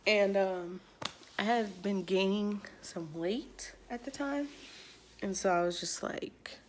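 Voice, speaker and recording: Slow-talking young woman telling a story. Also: mid-range voice, a little hiss or hum. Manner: slangy, animated quoting, many "like"s. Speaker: vlogger. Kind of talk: casual storytelling to camera.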